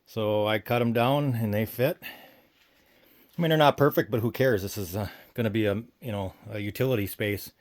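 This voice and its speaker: A man's voice: fairly low pitch, moderate pace. A man hosting a homestead video, a little winded, walking through a half-built woodshed in a loose, rambling way with lots of fillers. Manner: rambling, thinks aloud with fillers. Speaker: homesteading channel host. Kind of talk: casual DIY walkthrough. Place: woodshed under construction, outdoors.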